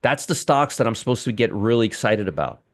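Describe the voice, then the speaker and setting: A man's voice: on the low side, very animated, fast, no room sound, clean studio sound. A man hosting a live trading room, commenting on the market with heavy sarcasm, restarting and trailing off as he works his screens. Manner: sarcastic, talks to viewers and chat.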